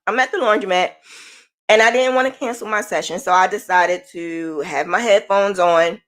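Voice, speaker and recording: A woman's voice: mid-range voice, a bit bright. A woman hosting a podcast, telling a personal story in a candid, conversational way. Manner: candid, conversational, shifting pace. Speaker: podcast host.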